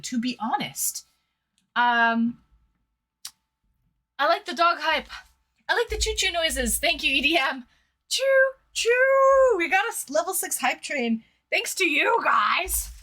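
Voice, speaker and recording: Bubbly high-pitched Canadian woman streamer. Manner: bubbly, excitable, thanking viewers. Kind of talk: casual live-stream chat.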